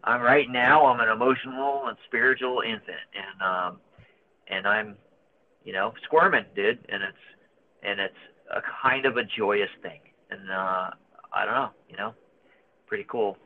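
In a candid conversation as a guest, a man in his thirties speaks openly and emotionally, hunting for words with many fillers and restarts. His voice is on the low side and a little slow, and the audio has a narrow, phone-like band.

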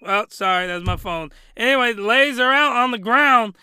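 A man's voice: extremely high pitch, moderate pace, bright, forceful tone, a little hiss or hum. A man giving a comedic review rant, rambling and exclamatory, with loose, colloquial talk. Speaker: anime reviewer.

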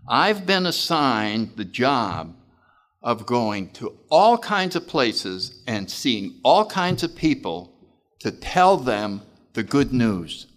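A man speaking at a recovery meeting, telling stories in an animated way and acting out voices. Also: medium pitch. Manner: animated, acts out voices, laughs often. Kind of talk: recovery talk storytelling.

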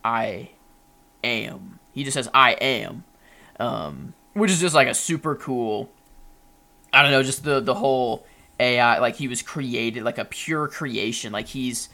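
A man's voice: mid-range voice, unhurried, pushed and bright. A young man co-hosting a podcast in casual chat, rambling with many fillers and restarts. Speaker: podcast co-host.

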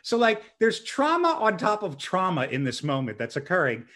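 Man, young adult, slightly high pitch, animated, self-mocking, casual storytelling. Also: normal speed. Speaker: guest telling a story. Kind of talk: casual storytelling in a podcast chat.

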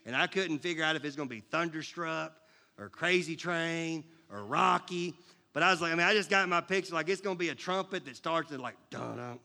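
A man preaching a sermon as a pastor, with a jokey, conversational delivery that turns animated. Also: a little high, brisk.

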